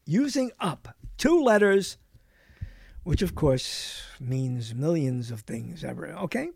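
A man's voice: fairly high pitch, sing-song, slow pace, vocal fry, darkish tone, slightly rough, no echo. A man hosting a radio talk show in a studio, rambling playfully from one bit of wordplay to the next with chuckles.

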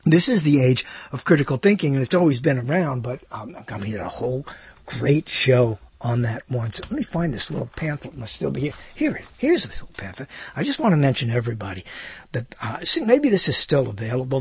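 Animated, rambling older male radio host. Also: fairly high pitch, a little fast, husky, dry recording. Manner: animated, digressive, self-interrupting with laughs. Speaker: radio talk show host. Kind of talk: rambling on-air monologue. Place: radio studio, seated.

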